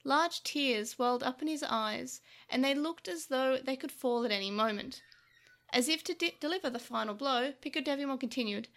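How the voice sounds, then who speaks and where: A woman reading a children's storybook aloud, her voice high and bright. she narrates expressively, stumbling now and then, lively through the tale. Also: moderate pace.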